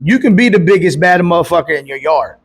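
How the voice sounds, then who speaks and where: A man who coaches boxing, arguing his view in a heated casual debate, emphatic and quick to cut in, with repeated buts and swearing. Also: fairly high pitch, lively intonation, husky. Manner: emphatic, argues in bursts with repeated buts and profanity.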